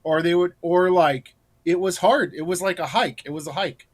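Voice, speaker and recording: Man, interview guest, casual chat, rambling, slightly higher voice. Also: normal speed. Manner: rambling storyteller, many fillers and restarts, laughs while telling. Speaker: guest scare actor.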